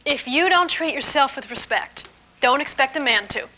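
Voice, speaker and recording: A woman giving a live relationship seminar to an audience, lively and emphatic, often playful. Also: sits high, normal speed, slight background noise. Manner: lively, emphatic, playful, laughs while teaching.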